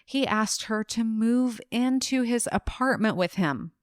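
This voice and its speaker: A woman co-hosting a casual true-crime podcast, telling the case in a relaxed way and laughing easily. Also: fairly high pitch, measured pace, no echo, clean studio sound. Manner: relaxed storyteller, laughs easily, acts out quotes briefly. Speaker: podcast co-host narrating the case.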